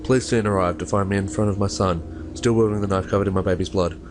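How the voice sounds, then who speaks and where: A man's voice: sits low, fairly even intonation, fast, background noise, voice pushed down, close to an everyday voice. A man voicing a grief-stricken young mother as he reads a horror story aloud in first person, stumbling over words now and then. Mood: numb.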